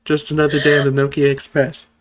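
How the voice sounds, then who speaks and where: A streamer chatting casually over a game and reading its cutscene lines aloud in quick voices. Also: medium pitch, completely flat delivery. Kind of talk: casual let's-play chat with voiced readings.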